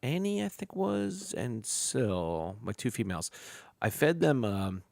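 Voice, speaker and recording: Gravelly, animated male stream host. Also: fairly low pitch, a little slow, no room sound. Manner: loose, laughing, swears freely, talks to chat. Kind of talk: casual live stream chat.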